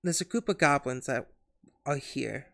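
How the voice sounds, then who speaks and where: A player in a tabletop role-playing game who talks in a lively, slow and deliberate way. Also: medium pitch, creaky.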